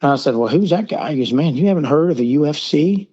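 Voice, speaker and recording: Speaking over a remote call as a podcast guest, this middle-aged Southern US man rambles through casual stories at length, performing the dialogue he quotes. He talks fast with a fairly high pitch, lively intonation and a warm, husky tone. The sound is lo-fi.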